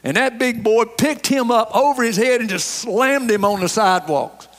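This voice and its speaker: Male pastor, high voice, emphatic folksy preaching, church reverb. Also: normal speed, fairly bright tone. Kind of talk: sermon. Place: church sanctuary. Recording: long hall reverb.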